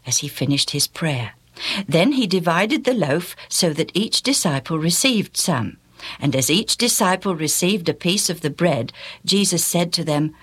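A woman narrating a storybook tale in an animated, exclamatory way, often asking the listener questions. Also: sits low, breathy edge.

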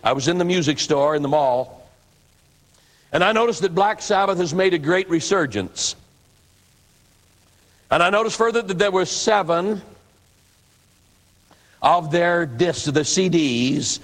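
Man, preacher, dramatic storytelling, slightly high voice, long hall echo. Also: a little slow, pauses often. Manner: dramatic storyteller who acts out quoted voices. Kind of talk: sermon storytelling.

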